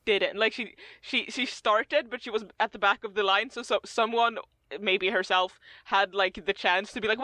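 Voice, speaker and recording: A tabletop player rambles through their thoughts, laughing as they go. The voice is bright and crisp, mid-pitched, and recorded close and dry. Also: fairly even intonation, moderate pace, few pauses, no echo. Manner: giggly, rambling. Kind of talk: casual tabletop game chat.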